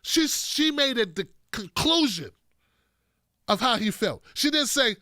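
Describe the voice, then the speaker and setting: High, bright-voiced emphatic male commentator. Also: sing-song, a little slow, no echo, clean studio sound. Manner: blunt, profane, talks straight to viewers. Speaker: political commentator.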